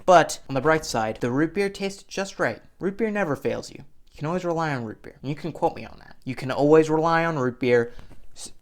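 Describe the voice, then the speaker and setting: A young man telling a comedic story as a vlogger, rambling and profane, with bursts of loud exaggerated voices. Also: a little high, expressive, a little fast.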